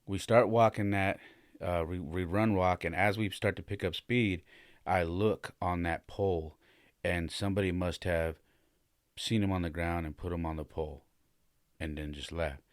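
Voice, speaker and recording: A man with a low, deep voice tells a story from his own life in a relaxed, chatty way. He often stops and restarts his sentences. The sound is dry, with no room echo. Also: normal speed. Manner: loose and conversational, many fillers and restarts. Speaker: podcast host and father. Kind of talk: casual personal storytelling.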